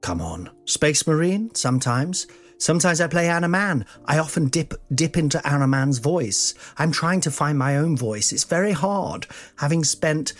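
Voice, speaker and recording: A man's voice: fairly high pitch, moderate pace, soft background music. A man in his forties hosting a comic podcast, rambling and self-mocking, jumping between silly voices. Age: 40s. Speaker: podcast host, comedian.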